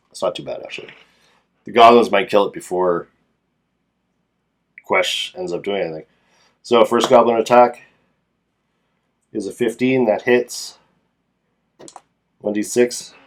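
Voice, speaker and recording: A man's voice: fairly low pitch, steady tone, slow pace, long pauses, a little hiss or hum. A man casually narrating and playing a solo tabletop game as game master, thinking aloud as he rolls dice.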